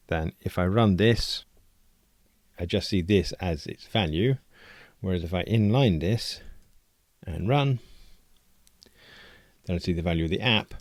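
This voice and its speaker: A low-voiced man with a gravelly edge narrates a coding screencast, thinking aloud as he explains each step. The sound is close and dry, with no room around it. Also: no echo. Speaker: programming tutorial host.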